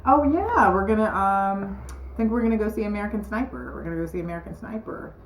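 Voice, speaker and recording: A woman's voice: medium pitch, animated, fast, roomy sound, slight background noise, rough recording. A young woman co-hosting a couple's vlog in playful, slangy casual chat, often breaking into giggles. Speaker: vlog co-host.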